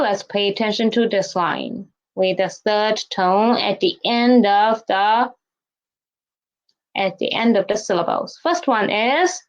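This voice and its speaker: Slow, patient woman teaching Chinese. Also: fairly high pitch, dull audio. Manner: slow, questioning teacher talk with repeated drills. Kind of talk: online language lesson.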